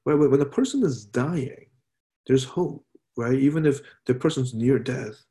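A man's voice: medium pitch, measured pace. Man preaching in a conversational way. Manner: conversational preaching, frequent "right?" asides, soft drops for quoted words. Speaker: pastor. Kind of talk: sermon.

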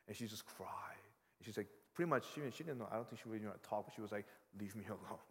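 A man's voice: fairly low pitch, rapid-fire. A man preaching a sermon in an earnest, conversational way, often checking in with "right?". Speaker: pastor. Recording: long hall reverb.

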